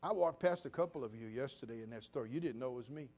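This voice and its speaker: A man, preaching a sermon as pastor to his church, moving from quiet confiding talk to loud, emphatic preaching. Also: medium pitch, fast.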